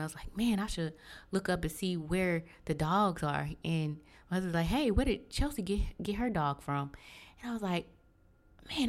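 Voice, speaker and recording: A woman in her late twenties hosting a casual solo podcast, chatting freely and calling her listeners y'all. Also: fairly low pitch. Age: 20s. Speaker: podcast host.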